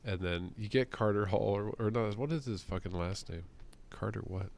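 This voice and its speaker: A man's voice: fairly low pitch, moderate pace, vocal fry, a little mellow. A young man in casual, profane chat about comics, laughing often and acting out lines he quotes.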